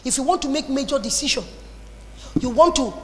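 A woman with a Nigerian accent preaching a lively sermon, slipping into Pidgin and Igbo phrases. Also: high voice, brisk. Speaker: pastor. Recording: long reverb in a hall.

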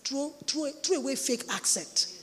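A woman's voice: high voice, lively intonation, a little slow, a bit bright. A woman preaching a sermon, emphatic, repeating her points for stress. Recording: echoey hall, long reverb.

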